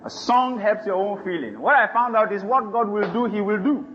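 High-voiced preacher man, lively sermon. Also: normal speed, muffled recording, slight background noise. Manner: animated preaching with laughs and call-and-response. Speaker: pastor.

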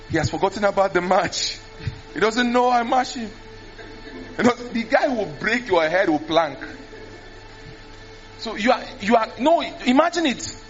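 A preacher, speaking animatedly into a handheld mic, often mimicking prayers and repeating words. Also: male voice, high-pitched. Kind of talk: sermon. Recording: dull lo-fi sermon recording.

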